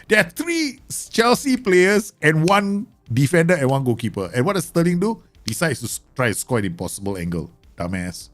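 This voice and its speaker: A man commentating live on a football management game, excitable and teasing, bursting into exclamations. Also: fairly high pitch, moderate pace, hardly any pauses.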